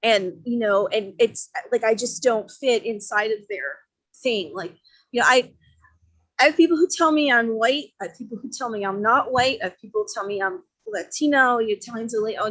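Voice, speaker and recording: A woman from Miami talking in a casual podcast discussion, chatty and animated, with many fillers. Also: on the high side, brisk. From Miami, Florida.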